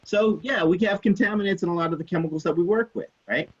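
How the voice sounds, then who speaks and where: A man teaches a chemistry class by telling a story from his student days, full of life and quick to act out every person in it. His voice sits a little high and sounds husky. The sound is muffled and lo-fi, like an online class. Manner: animated, acts out quoted people, swears casually. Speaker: chemistry instructor. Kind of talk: casual lecture storytelling.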